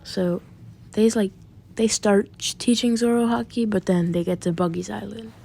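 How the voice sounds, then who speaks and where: A woman's voice: medium pitch, steady tone, moderate pace, gravelly, mellow. A woman retelling a fan story off the cuff, rambling and casual, with occasional swearing. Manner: rambling, many fillers and restarts, occasional swearing.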